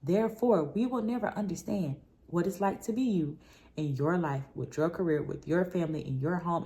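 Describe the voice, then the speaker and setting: A woman hosting a motivational podcast, talking in an emphatic, playful and conversational way with slang, and easing into soft, earnest encouragement. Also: lowish voice, animated, normal speed. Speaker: podcast host.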